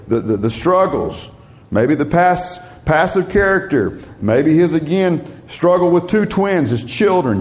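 Lively-voiced male preacher reading scripture. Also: on the high side. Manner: reads scripture slowly and emphatically, talks plainly between readings.

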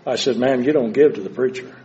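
An older man preaching a sermon, moving between hushed, slow passages and loud, dramatic cries. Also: medium pitch, highs cut off, a little hiss or hum.

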